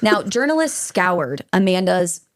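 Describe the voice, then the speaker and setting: A woman's voice: on the low side, very animated, a little slow, dry recording, clean studio sound. A woman hosting a true-crime podcast, talking casually and getting worked up, swearing freely. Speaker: podcast host.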